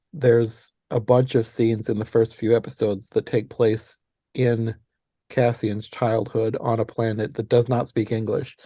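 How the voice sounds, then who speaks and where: Man, podcast host, mellow warm voice, dry close sound, animated, laughs a lot. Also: medium pitch, no room sound. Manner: animated, laughs often, retells plot details. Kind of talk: casual movie podcast chat.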